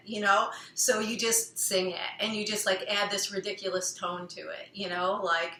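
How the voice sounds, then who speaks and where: A woman's voice: medium pitch, moderate pace, few pauses, pushed and bright. A woman speaking casually about healing, rambling with many "you know" fillers and now and then singing a phrase in a playful way. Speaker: self-help speaker. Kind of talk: casual personal talk on healing. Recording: echoey room.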